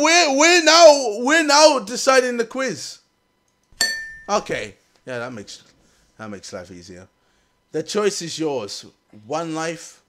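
A young man doing excitable gaming commentary, shouting, swearing and laughing in frustration as he plays. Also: sits high. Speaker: gaming video host. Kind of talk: let's-play commentary.

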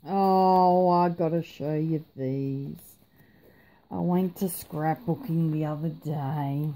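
Tired woman vlogger, chatty and rambling, slow and mellow, lowish voice. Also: fairly even intonation. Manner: chatty, rambling, self-mocking. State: tired, yawning. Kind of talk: casual chat.

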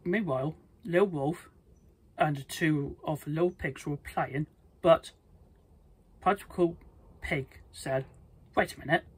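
Slow, husky storybook reader. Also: mid-range voice, rough recording. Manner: slow, plain reading with stumbles and restarts. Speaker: storybook reader, channel host. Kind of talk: reading a children's storybook aloud.

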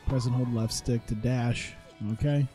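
A man's voice: medium pitch, fairly even intonation, measured pace, dark tone, faint music behind. A man streaming a video game, giving sardonic, profane commentary and laughing often as he plays. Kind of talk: casual gameplay commentary.

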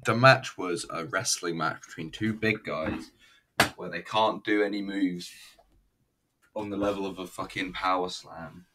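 Low-voiced man rambling through a review. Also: fairly even intonation, a little slow, background noise. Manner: rambling, profane, self-mocking. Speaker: wrestling reviewer. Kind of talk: casual solo review commentary.

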